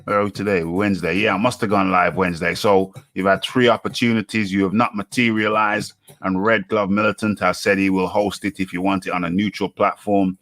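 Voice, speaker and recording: A male host of a live-streamed talk show, chatting freely and breaking into laughs. His fairly low voice has a forceful, bright edge and sounds close and dry. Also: flat delivery, brisk, few pauses, no room sound.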